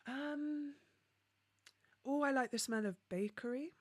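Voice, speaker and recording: This livestream host from London keeps things upbeat, going through viewer comments with frequent laughter and ums to fill the silences. Her voice is high-pitched, and the recording is dry.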